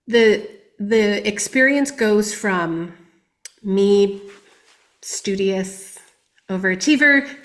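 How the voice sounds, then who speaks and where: A woman guest on a podcast speaks in candid personal testimony. Her voice sits at a middling pitch. She talks reflectively and often drops to a soft, hushed level.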